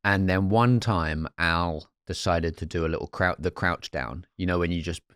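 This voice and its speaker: A man's voice: low voice, normal speed, fairly bright tone, smooth, no room sound, clean studio sound. A man co-hosting a comedy podcast, telling rambling anecdotes with self-corrections. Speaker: podcast co-host. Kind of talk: casual comedic chat.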